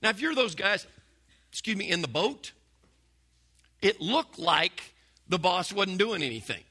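A man preaching a sermon to a church congregation, folksy and conversational, often dropping to a hush. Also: high-pitched, big pitch swings, unhurried, husky. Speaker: pastor.

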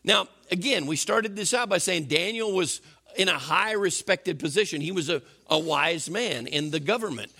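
A male pastor preaching a sermon in an animated, conversational way. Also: high voice, normal speed, gravelly.

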